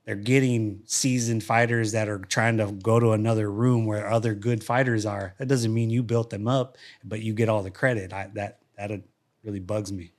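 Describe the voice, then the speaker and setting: A man with a slightly low, easygoing voice tells stories in a relaxed studio interview. He often restarts his sentences and repeats words as he talks. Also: normal speed. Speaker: guest, former fighter and coach. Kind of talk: casual interview storytelling. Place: podcast studio.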